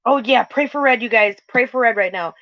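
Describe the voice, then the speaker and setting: Woman co-host, chatty, quick bursts, dry close sound, dull lo-fi audio. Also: fairly high pitch, no room sound. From North Dakota. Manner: chatty, talks fast in bursts. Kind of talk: casual livestream chat.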